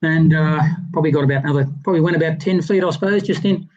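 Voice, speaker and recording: A man spins a long, rambling yarn, restarting his sentences as he goes. His voice sits a little higher than most men's and comes through dull and lo-fi over a video call. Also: very fast. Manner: rambling, animated anecdote teller with many restarts. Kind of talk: casual storytelling on a livestream chat.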